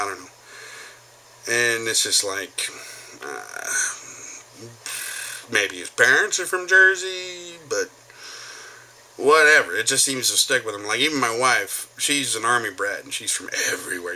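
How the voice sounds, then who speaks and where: A man talking casually to camera, telling stories and slipping into impressions. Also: on the low side. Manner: animated, jumps between impressions. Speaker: vlogger. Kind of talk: casual storytelling monologue.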